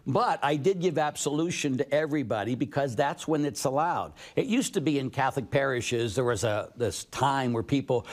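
A man's voice: mid-range voice, sing-song, a little fast. A man, a priest, answering audience questions and telling stories, acting out the people he quotes.

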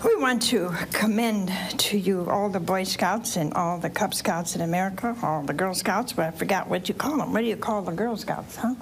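A woman's voice: medium pitch, normal speed, hardly any pauses, slight background noise, poor audio. A woman giving a sermon in an informal way, asking her listeners to help her out. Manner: informal, asks the audience for help.

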